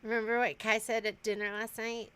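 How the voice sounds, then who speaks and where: A woman's voice: on the high side, little pitch movement, brisk, a bit bright, smooth. A woman co-hosting a store livestream, joking and self-deprecating, often laughing as she talks. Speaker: store co-owner and livestream co-host. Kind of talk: casual livestream chat.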